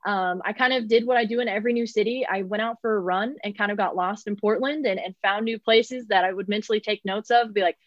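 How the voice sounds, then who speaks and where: A woman's voice: mid-range voice, fast, no echo, highs cut off. A young woman who calls minor league baseball games, answering interview questions in a chatty way with lots of fillers. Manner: chatty, many fillers, laughs often.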